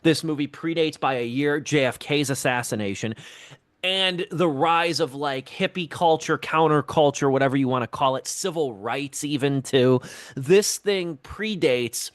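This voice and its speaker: A man's voice: on the high side, unhurried, no room sound. A man co-hosting a film podcast in casual chat, talking in a reflective, meandering way. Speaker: podcast co-host.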